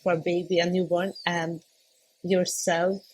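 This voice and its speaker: A young woman, a podcast guest, talking casually and hesitantly, often searching for words and laughing softly between thoughts. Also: lowish voice, flat delivery, measured pace, slight background noise. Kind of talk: casual conversation.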